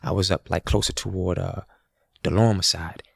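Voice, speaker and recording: Young guy from new orleans telling a story, husky, dry close sound. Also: sits low, normal speed, no echo. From New Orleans, USA. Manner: animated, acts out quoted voices. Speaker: guest musician. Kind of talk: casual storytelling.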